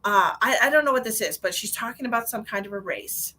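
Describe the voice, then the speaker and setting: A woman giving a live-streamed psychic reading in a chatty, animated way, with many restarts and a lot of "like". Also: a little high, a little fast, few pauses, slight background noise, rough recording. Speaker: psychic medium.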